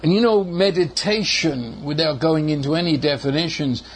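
An older man preaching a sermon, slow and emphatic, often repeating words as he builds a point. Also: a little high, slightly rough.

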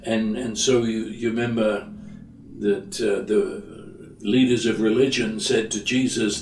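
A man preaching a sermon in a slow, conversational storytelling way, often restarting his phrases. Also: lowish voice, fairly even intonation, echoey room, recorded from a distance, slight background noise, rough recording.

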